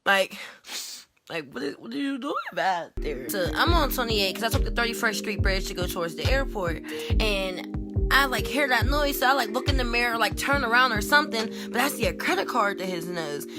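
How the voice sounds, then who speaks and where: A young woman vlogger from Pittsburgh telling wild driving stories in a casual, animated rant, saying "like" constantly and acting out the dialogue. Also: on the high side, normal speed, music in the background. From Pittsburgh, USA. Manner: animated, heavy use of "like", acts out dialogue. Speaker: vlogger and rideshare driver.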